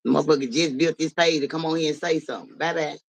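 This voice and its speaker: A man hosting a livestream, answering viewers in a blunt, profane, animated way. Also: a little high, fast, vocal fry, low-quality recording. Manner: blunt, profane, animated, talks back to chat. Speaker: livestream host. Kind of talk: casual livestream chat with viewers.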